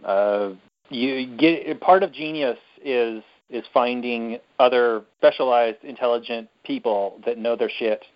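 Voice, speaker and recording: A man's voice: medium pitch, unhurried. A man co-hosting a podcast, talking casually and earnestly about a movie and openly getting sentimental. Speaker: podcast co-host. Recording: slightly dull lo-fi sound.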